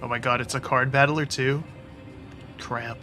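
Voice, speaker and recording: Man, gaming commentary, sarcastic jokes, bright voice, game music under. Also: mid-range voice, steady tone, measured pace. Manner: joking, sarcastic asides. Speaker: gaming YouTuber. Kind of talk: casual let's-play commentary. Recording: game audio with music behind.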